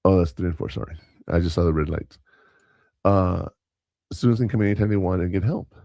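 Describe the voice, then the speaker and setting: Brisk and mellow, his voice sits low as he, a substitute teacher and podcast co-host, rambles through stories in casual chat. He quotes dialogue and corrects himself, in a studio-quality recording with no room sound.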